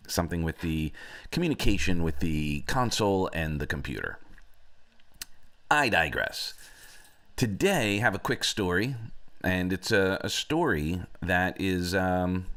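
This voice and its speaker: A man's voice: sits low, fairly bright tone. A man hosting a motivational talk who tells a story in a reflective way, with many fillers. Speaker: host.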